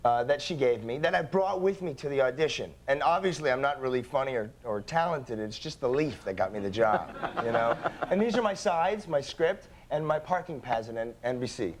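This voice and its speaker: Animated young actor telling stories. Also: male voice, medium pitch, brisk, few pauses, a little hiss or hum. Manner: animated storyteller, acting out voices in his anecdotes. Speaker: actor guest. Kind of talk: casual talk show anecdote.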